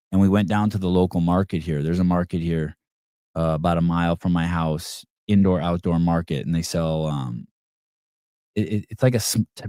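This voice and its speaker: Deep-voiced man rambling through a casual story. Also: dark tone, dry recording, studio quality. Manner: rambling and conversational, swears casually, many fillers and restarts. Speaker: podcast host.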